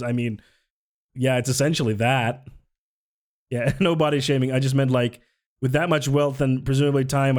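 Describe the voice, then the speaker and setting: A man's voice: mid-range voice, darkish tone. A man streaming live, reacting to videos with sarcastic, swear-laden commentary and frequent laughs, close to the mic.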